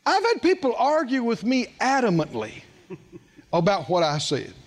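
Middle-aged male preacher, very high voice with swooping pitch, animated and questioning the crowd. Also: normal speed. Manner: animated, asks the congregation questions. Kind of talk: sermon with personal story.

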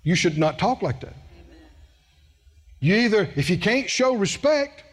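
A man's voice: high-pitched, sing-song, unhurried. A middle-aged man preaching a sermon in a folksy, emphatic way, repeating phrases for stress.

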